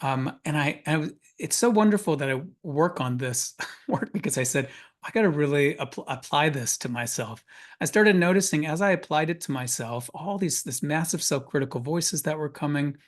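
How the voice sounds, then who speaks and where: A man, an adult parent of a school-age child, presents on a webinar panel, earnestly telling a personal story with frequent restarts. His voice is on the high side and he speaks at a normal speed.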